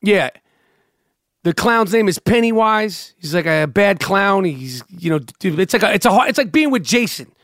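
A man's voice: sits high, lively intonation, moderate pace, fairly bright tone, no echo, studio quality. A man co-hosting a comedy podcast, ranting with profane disbelief in casual chat. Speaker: podcast co-host.

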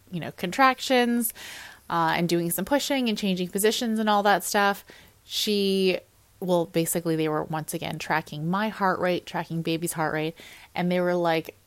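A woman's voice: fairly low pitch, fairly even intonation, moderate pace, a bit bright, smooth, dry recording. A young woman candidly telling her personal story in a casual, conversational way, with plenty of fillers. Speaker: fitness coach. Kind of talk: personal birth story vlog.

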